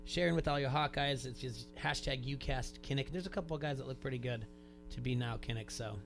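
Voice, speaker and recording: A man's voice: medium pitch, a little fast, faint music behind. A man hosting a sports radio show, chatting casually, often restarting his sentences. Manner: rambling, restarts sentences, reads posts aloud.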